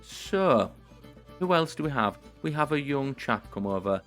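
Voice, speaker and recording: A man's voice: medium pitch, very animated, a little slow, a bit bright, faint music behind. A man giving comedic role-play commentary on a strategy game, playful and theatrical, chatting to his viewers. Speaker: gaming YouTuber.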